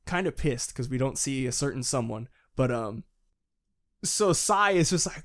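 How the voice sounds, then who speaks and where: Excitable man in casual chat. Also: mid-range voice, moderate pace. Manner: excited, profane, quotes characters in voices. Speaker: podcast co-host.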